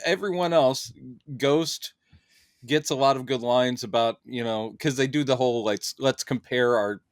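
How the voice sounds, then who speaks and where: A man's voice: mid-range voice, normal speed, clear, resonant tone, no room sound. A man talks through a film in an easy, chatty way. He slips into playful voices when he quotes the characters. His voice sits in a middle register and is recorded dry and close. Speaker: film reviewer. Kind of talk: casual movie review chat.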